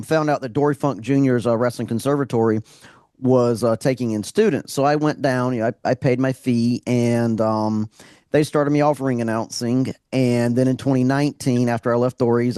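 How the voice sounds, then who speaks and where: A man's voice: mid-range voice, a little mellow, smooth, dry recording, clean studio sound. A man in his thirties, a guest wrestling ring announcer, telling his story in casual podcast chat, with many fillers and restarts.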